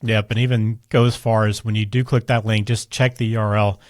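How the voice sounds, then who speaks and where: A male co-host talks fast in a loose, chatty way, with a mid-range voice. He moves the talk along between topics. The recording is dry and close-miked. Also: lowish voice, flat delivery, darkish tone, no echo. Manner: quick, chatty, loose with fillers. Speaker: podcast co-host. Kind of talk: casual conversational chat.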